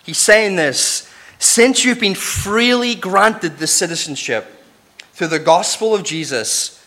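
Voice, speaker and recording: Casual Northern Irish pastor, clear bright voice, chatty teaching with lots of asides. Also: male voice, high voice, lively intonation, slow pace. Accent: Northern Irish, softened. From Northern Ireland. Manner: conversational, chatty, with restarts and asides. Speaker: preacher. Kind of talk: casual Bible teaching sermon.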